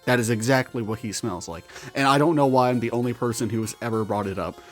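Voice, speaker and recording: A man's voice: medium pitch, quick pace, soft background music. A man telling a story in character as a weary, sardonic male monster with tails, talking in a profane, rambling and exasperated way. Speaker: roleplaying storyteller.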